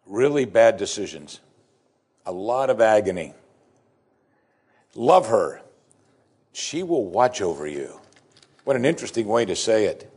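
A man's voice: lowish voice, big pitch swings, measured pace, pauses often, darkish tone, husky. A man preaching a sermon as pastor, emphatic, repeating key phrases with strong stress.

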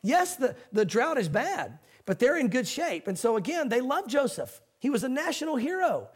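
Man, high voice, pastor, conversational sermon, folksy asides. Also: big pitch swings, moderate pace, husky.

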